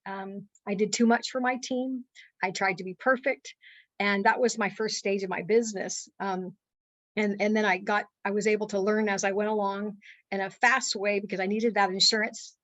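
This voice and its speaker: A woman in her forties telling a personal story on a call, earnest and halting, with many fillers and restarts. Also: medium pitch, no room sound, rough recording. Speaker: guest speaker.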